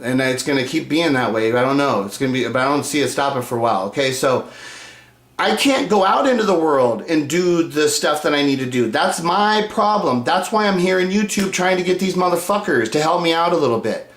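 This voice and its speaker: A man ranting angrily at his followers in a video, profane and combative, swinging between loud outbursts and low muttering. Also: expressive, fairly quick, roomy sound. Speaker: YouTuber. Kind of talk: angry video rant to fans.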